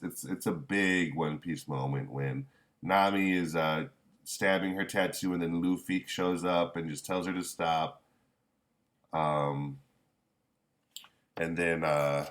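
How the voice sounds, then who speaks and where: A man chatting casually as a manga reviewer, rambling and halting, with candid, mildly profane remarks. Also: low-pitched, fairly bright tone. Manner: rambling, halting with many restarts. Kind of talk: casual chat.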